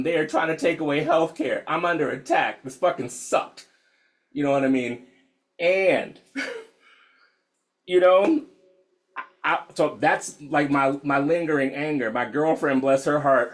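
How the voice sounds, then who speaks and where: A young adult man from the United States leading an online meditation session, frank and profane, laughing often and calling listeners y'all. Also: fairly high pitch. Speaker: meditation teacher. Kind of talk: casual talk opening an online meditation session.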